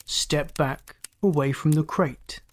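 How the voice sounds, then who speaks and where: A man's voice: a little high, slow. A reader voicing a cool, mocking male villain who drawls his threats in a storybook reading. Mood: cool menace.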